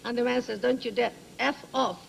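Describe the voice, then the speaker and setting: A woman's voice: a little high, fairly even intonation, fairly quick, vocal fry, poor audio. An older woman with a Hungarian accent, a talk show guest telling a story theatrically in broken English, laughing as she goes. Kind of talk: animated anecdote telling. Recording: 1980s TV studio audio with background noise.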